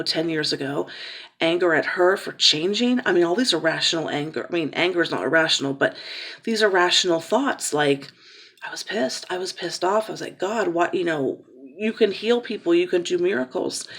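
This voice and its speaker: Vlogger, woman, 40s, low-ish gravelly voice, candid and emotional, rambling delivery. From Cincinnati, Ohio. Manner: raw, rambling, emotional, with fillers and restarts. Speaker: vlogger, caregiver daughter. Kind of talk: candid personal vlog.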